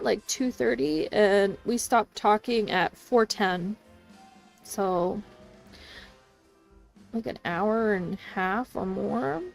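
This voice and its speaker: A woman's voice: on the high side, no room sound. A woman who works as an assistant language teacher, venting about her workday in casual chat, swearing and acting out what others said. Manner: venting, swearing, quoting people in voices.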